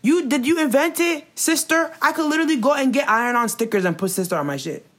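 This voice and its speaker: A woman in casual gossip chat, animated and profane, mocking people with impressions and bursts of laughter. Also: high-pitched, fast.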